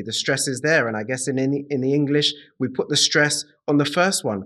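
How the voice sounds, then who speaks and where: A man preaching a sermon to a congregation in a slow, deliberate way, repeating key phrases and speaking to his listeners directly. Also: mid-range voice, a bit bright.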